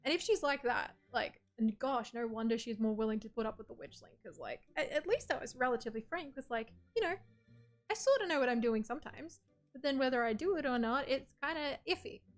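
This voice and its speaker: Chatty young woman with a high voice. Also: fairly quick, soft background music. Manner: chatty, rambling, with frequent "like" and laughs. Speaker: streamer playing a story game. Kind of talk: casual let's-play commentary.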